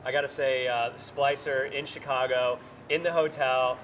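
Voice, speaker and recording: A man with a mid-range voice chats casually and jokingly. He is recorded on a noisy event floor, with crowd sound clearly audible around him. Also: medium pitch, little pitch movement, moderate pace, a bit bright. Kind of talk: casual chat. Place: indoor launch event venue.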